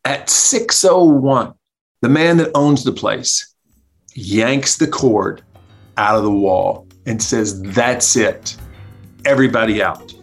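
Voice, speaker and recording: A man telling a comic anecdote as a podcast guest, animated, acting out the people he quotes and laughing as he goes. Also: medium pitch, slow pace, soft background music. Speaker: guest storyteller, comedy writer. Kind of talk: casual anecdote.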